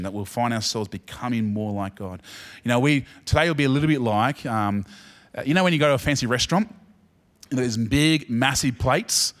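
A man with an Australian accent preaching a sermon as pastor, swinging from soft, chatty asides with the congregation to loud, emphatic peaks. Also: medium pitch.

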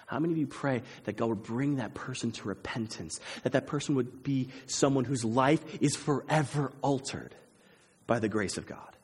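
Husky-voiced preacher in a reverberant hall. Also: male voice, medium pitch, normal speed. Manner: animated, shifting between loud emphasis and quiet intensity. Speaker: pastor. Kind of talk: sermon.

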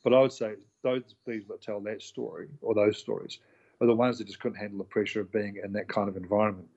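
A man's voice: lowish voice, quick pace, vocal fry, husky, highs cut off. A middle-aged man, a chef and restaurant owner, candidly telling stories in a casual interview, acting out voices and swearing now and then. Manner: candid, animated storyteller, acts out quoted voices, swears.

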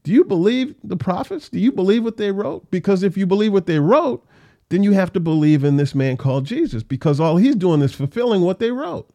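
A man's voice: sits high, expressive, brisk, few pauses, mellow, pitched above the performer's own voice. A man voicing a bold, persuasive apostle who presses a king with emphatic, needling questions. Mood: pressing.

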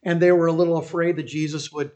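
Animated preacher checking in with listeners. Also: medium pitch, fast talker, lo-fi sound. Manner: animated storytelling, keeps asking listeners "right?"; restarts and repeats phrases while thinking aloud. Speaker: pastor. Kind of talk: sermon.

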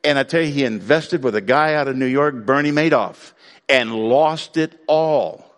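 A man preaching a sermon to his congregation in a conversational way, breaking now and then into loud outbursts. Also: mid-range voice, moderate pace, long reverb tail. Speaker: pastor.

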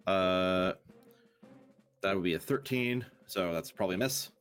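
A man's voice: sits low, unhurried, faint music behind. A man playing a tabletop game who talks hesitantly, with many fillers. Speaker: player.

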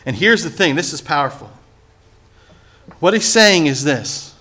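Animated, bright-voiced male preacher. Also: fairly high pitch, unhurried, pauses often. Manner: animated preaching, voices scripture characters sarcastically, calls for responses. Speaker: pastor. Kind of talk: sermon.

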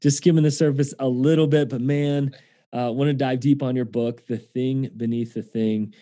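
A man's voice: mid-range voice, fairly even intonation, moderate pace, dark tone. A man hosting a podcast interview, friendly and upbeat as he asks his guest a question. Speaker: podcast host.

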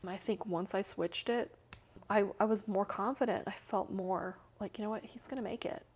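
A woman's voice: mid-range voice, fairly even intonation, moderate pace, husky. A middle-aged woman, an interview guest, candidly telling an emotional personal story, full of fillers and sometimes dropping to a whisper. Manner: candid, many "you know" and "like" fillers, drops to whispers.

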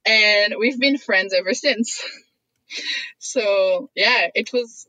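A woman's voice: medium pitch, fairly even intonation, takes it slowly, bright, forceful tone, no room sound, poor audio. A woman whose first language is French, chatting as a guest and telling stories with frequent laughter. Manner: chatty storyteller, laughs often. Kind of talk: casual conversation.

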